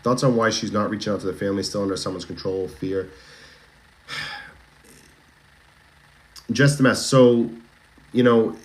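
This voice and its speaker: Guy with a boston accent running a true crime live stream, deep voice, chatty, keeps restarting sentences and throwing questions at chat. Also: normal speed, pauses often. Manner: chatty, with frequent restarts and direct questions to viewers. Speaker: true crime livestream host. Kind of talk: casual live-stream chat reading viewer comments.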